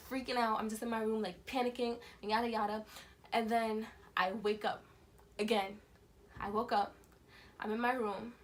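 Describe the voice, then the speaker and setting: A young woman vlogger telling a storytime tale in casual, slangy speech, acting out the voices of the people in it. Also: on the high side. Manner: animated storytelling, acts out quoted voices. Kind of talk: storytime vlog.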